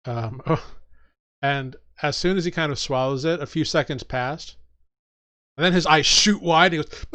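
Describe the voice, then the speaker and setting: Slow, bright-voiced man as game master. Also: fairly high pitch. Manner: descriptive, many fillers. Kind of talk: narrating a tabletop game.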